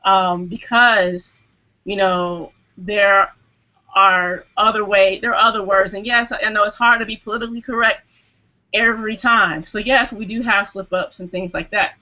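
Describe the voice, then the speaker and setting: A woman's voice: mid-range voice, fairly even intonation, normal speed, bright, forceful tone. A woman speaking earnestly in a casual group discussion as a hangout guest, full of "you know"s and restarts. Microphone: video call microphone. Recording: dull lo-fi video call audio.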